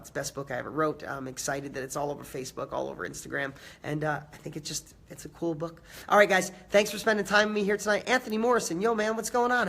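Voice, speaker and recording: A man with a somewhat high, husky voice, slightly hoarse from a cold, delivers a live motivational talk. He drives his points home by repeating and stacking phrases, then chats to viewers by name. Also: fairly bright tone. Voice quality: raspy. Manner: emphatic, repeating phrases and building lists. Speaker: motivational host.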